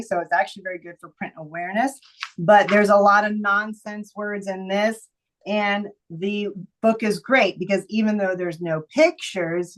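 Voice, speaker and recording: A woman giving a lively, chatty presentation to teachers, playful and quick to slip into silly voices and sing-song bits. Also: mid-range voice, rough recording. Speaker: teacher trainer presenting book picks.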